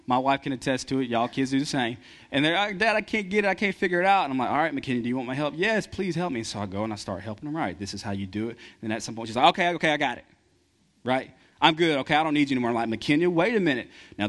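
A man, preaching a conversational sermon and acting out little dialogues. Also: mid-range voice. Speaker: pastor.

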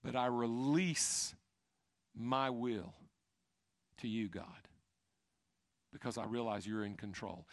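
A middle-aged man preaching a sermon, swinging from emphatic rises to quiet, intimate asides. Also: medium pitch, slow, pauses often, no echo, studio quality. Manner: expressive preaching, rising and dropping to soft, intimate asides. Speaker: pastor.

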